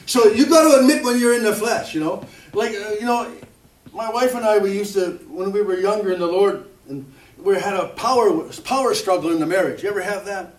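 Man, middle-aged, preacher, sermon, high voice, chatty and self-mocking, distant mic, roomy church echo. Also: fairly quick. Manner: conversational, self-mocking, frequent amens and hallelujahs. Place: church hall.

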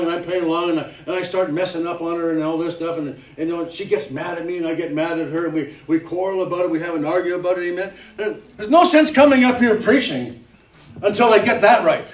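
A middle-aged preacher with a fairly high voice gives a chatty, self-mocking sermon full of amens and hallelujahs. He's distant from the mic in a church hall, so a roomy echo lingers after every phrase.

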